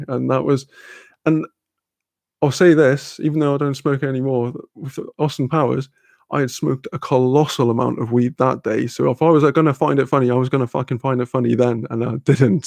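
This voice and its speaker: A man's voice: mid-range voice, normal speed, gravelly, darkish tone, dry recording, studio quality. A British man hosting a casual live-stream chat, rambling, swearing freely and laughing often as he reads viewer comments.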